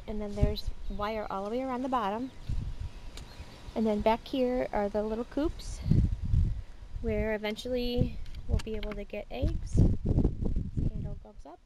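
A woman vlogging casually outdoors beside a backyard chicken coop, chatting as she shows the birds on a handheld camera. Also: heavy background noise. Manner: chatty, talks to her birds in a high coaxing voice. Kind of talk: casual show-and-tell vlog. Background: chickens and ducks.

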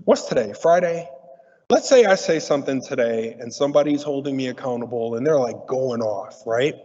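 A man's voice: medium pitch, moderate pace. Man speaking in an echoing hall. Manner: lively, conversational, teasing. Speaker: diversity speaker. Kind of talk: conference talk to an audience. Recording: muffled audio in a reverberant hall.

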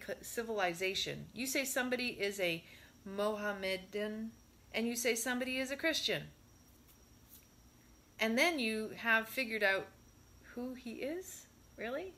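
A woman reading a spiritual discourse aloud in a measured way, stressing her rhetorical questions. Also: medium pitch, bright, forceful tone.

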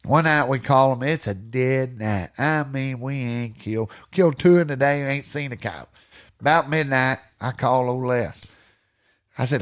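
A middle-aged man, a podcast guest telling stories in casual chat, energetic and swearing freely. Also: medium pitch, a little slow.

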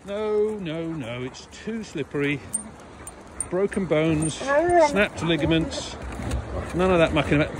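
A man's voice: fairly high pitch, sing-song, slow. A man, a dog trainer, chatting and teasing his dogs while out walking in a frosty field. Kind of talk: casual talk to dogs on a walk. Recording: outdoor recording with clear background noise.

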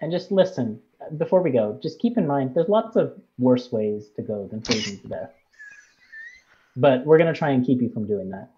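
A man's voice: mid-range voice, expressive, normal speed, dark tone, highs cut off. A man playing a tabletop game, speaking in character in an upbeat, chirpy way. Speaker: player.

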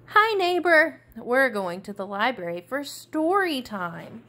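A woman voicing an excited little boy tiger cub, speaking high, eager and bouncy. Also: slow.

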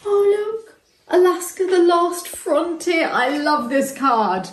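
A woman's voice: very high voice, very animated, takes it slowly, echoey room. A woman, hosting a home vlog and gushing over gifts in casual chat. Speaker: vlog host opening gifts. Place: home kitchen.

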